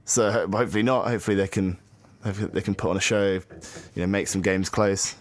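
A man's voice: deep voice, fairly even intonation, quick pace, no echo. A man co-hosting a casual chat show, teasing and chatty with plenty of fillers. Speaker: podcast co-host. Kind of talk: casual chat about cricket.

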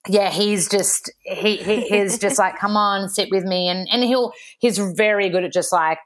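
An Australian woman, a young adult, guesting on a casual podcast chat, telling lively stories full of "like" and acting out both sides of quoted exchanges. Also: mid-range voice, measured pace. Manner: chatty storytelling, acting out quoted exchanges, frequent "like".

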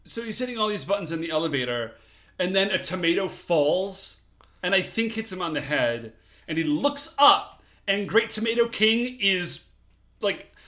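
A man with a high, bright voice talks casually as a podcast co-host, recapping an episode. His pitch swings widely as he acts out quotes and laughs along. The sound is crisp and forward. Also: lively intonation, moderate pace.

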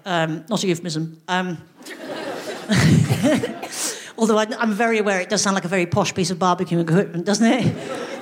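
A woman's voice: mid-range voice, slight background noise. Wry woman doing stand-up. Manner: dry, wry storytelling with rhetorical asides. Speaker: stand-up comedian and co-host. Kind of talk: live stand-up comedy. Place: live venue.

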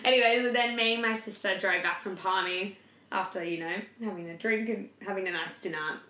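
Mid-range, brisk, and forceful, this young podcast co-host tells a casual story with a bright tone, leaning heavily on fillers and swearing freely. A roomy echo surrounds the recording.

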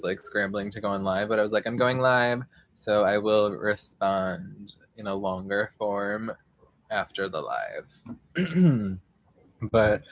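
A young man hosting a casual live podcast outdoors, rambling with many fillers and casual swearing. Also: lowish voice. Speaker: podcast host.

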